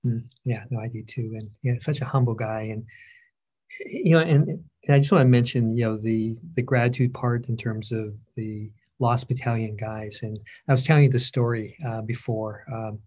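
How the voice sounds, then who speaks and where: A middle-aged man interviewing an author in a thoughtful, halting way. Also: mid-range voice, steady tone, a little mellow, breathy edge. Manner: thoughtful, halting, gets emotional. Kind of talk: conversational interview.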